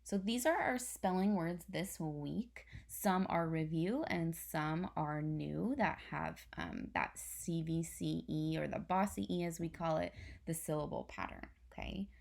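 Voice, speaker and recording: A woman's voice: low-pitched, lively intonation, measured pace, vocal fry, few pauses, darkish tone. A young woman teacher patiently explaining a spelling lesson step by step to her class. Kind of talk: recorded online spelling lesson.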